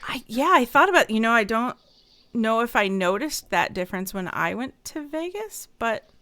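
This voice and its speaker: A woman's voice: on the high side, very animated, moderate pace, bright, forceful tone, no room sound. A woman hosting a podcast, chatty, laughing often and asking questions. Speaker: podcast host. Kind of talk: casual podcast conversation.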